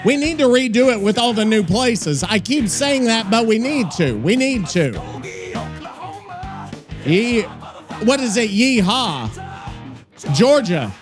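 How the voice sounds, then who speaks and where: A man co-hosting a gaming podcast, talking loudly and casually, swearing often and rambling with restarts. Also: very high-pitched, lively intonation, moderate pace, hardly any pauses, music in the background. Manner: loud, profane, rambling with restarts. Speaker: podcast co-host.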